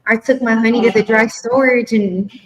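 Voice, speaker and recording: Woman comic, deadpan, matter-of-fact storytelling. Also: on the high side, normal speed, low-quality recording. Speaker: comedian panelist.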